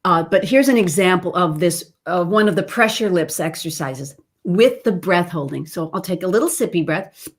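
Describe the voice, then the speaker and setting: A middle-aged woman teaching a livestream singing lesson, explaining in an animated way and breaking into sung demonstrations. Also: on the low side, normal speed.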